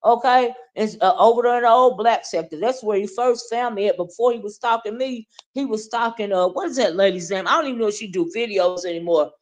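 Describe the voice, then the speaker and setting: A woman's voice: fairly high pitch, fairly quick, few pauses. A woman hosting a livestream, ranting casually and talking straight to her viewers, often checking in with "right?" and "okay?". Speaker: livestream host. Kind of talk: casual livestream rant, reading chat.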